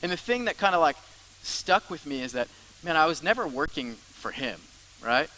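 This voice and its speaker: A man's voice: on the high side, big pitch swings, moderate pace, bright, forceful tone, poor audio. A man preaching a sermon as the church's pastor, in a conversational style with asides and repeated phrases.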